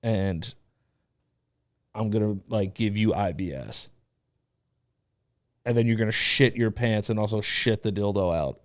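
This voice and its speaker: A man's voice: on the low side, unhurried, pauses often, dry recording. Crude joking podcast co-host man. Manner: crude, absurd storytelling. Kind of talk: casual improv chat.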